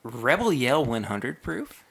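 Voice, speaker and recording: A man's voice: medium pitch, very animated, slow pace, creaky, a bit bright. A man co-hosting a podcast, chatting casually and upbeat, listing product details. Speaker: podcast co-host. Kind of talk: casual chat.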